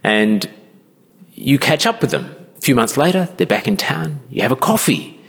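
A man preaching a sermon as pastor, earnest and explaining calmly. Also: mid-range voice, normal speed, husky. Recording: long hall reverb.

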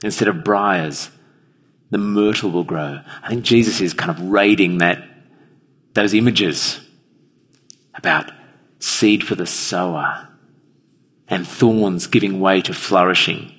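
A man's voice: sits low, slow pace, long pauses, fairly bright tone, breathy edge. A man preaching an evening sermon in a church, earnestly putting questions straight to his listeners. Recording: long reverb of a large hall.

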